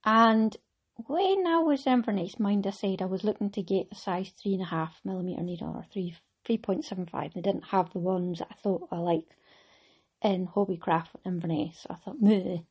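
A woman's voice: medium pitch, a little fast, slightly rough, muffled recording. A middle-aged Scottish woman hosting a knitting podcast, talking in a chatty, rambling way with frequent laughs. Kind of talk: casual chat.

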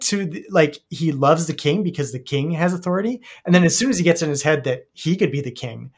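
A man's voice: a little high, lively intonation, a little fast, few pauses, slightly rough. A man co-hosting a casual podcast chat, talking thoughtfully and searching for his words. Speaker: podcast co-host.

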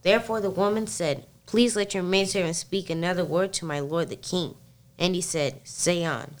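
A woman with a somewhat low voice reading scripture to her group. She trips over words now and then and goes back to restart them. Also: steady tone, moderate pace. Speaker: Bible study member.

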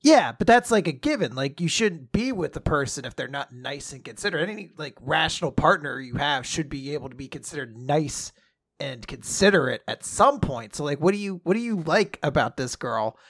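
A man's voice: a little high, fairly quick. A man co-hosting a podcast, telling stories with animation and acting out imagined conversations. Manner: animated storytelling, acts out scenarios. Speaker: podcast co-host. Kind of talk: casual podcast chat.

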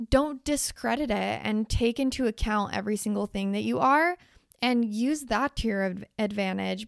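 Raspy young woman giving blunt pep talk. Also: a little high, no echo, studio quality. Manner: emphatic, blunt, swears casually. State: hoarse, losing her voice. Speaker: podcast host. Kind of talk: casual motivational talk.

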